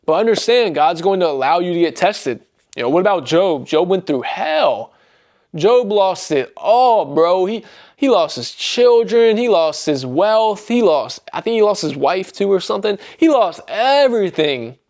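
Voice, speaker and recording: A man's voice: high-pitched, sing-song, a little slow, a little mellow. A young man giving an earnest, casual spoken testimony about his faith, talking straight to his viewers with words like bro and man. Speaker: faith vlogger.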